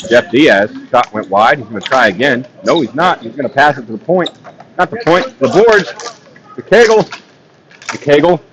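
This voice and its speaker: A man's voice: medium pitch, animated, moderate pace, noisy background. A man doing live play-by-play for a ball hockey game, chatty and self-mocking, laughing often from his perch beside the rink. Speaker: play-by-play commentator. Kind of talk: live sports commentary.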